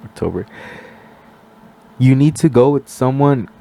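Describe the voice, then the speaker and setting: On a casual podcast, a young male guest tells a story in an animated way, acting out the voices of others and using "like" a lot. His voice is mid-range and gravelly, and he speaks a little slowly.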